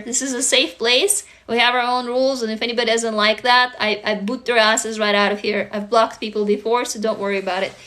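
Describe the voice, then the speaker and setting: A woman's voice: a little high, pushed and bright. A woman hosting a casual livestream, talking to viewers bluntly and swearing freely. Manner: blunt and profane, emphatic. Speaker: livestream host answering viewers.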